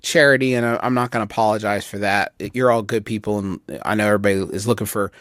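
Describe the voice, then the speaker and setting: A man's voice: on the low side, steady tone, fast, a bit bright, dry recording, clean studio sound. Earnest, meandering male podcast co-host. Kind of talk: casual comedy podcast banter.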